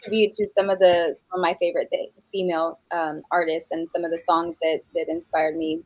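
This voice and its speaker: A woman's voice: fairly low pitch, level tone, a little fast, no echo, poor audio. Middle-aged woman from New Mexico, interview guest, rambling, filler-heavy, bone-dry sound. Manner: rambling, many fillers and restarts; laughs easily. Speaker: singer guest. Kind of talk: casual interview chat.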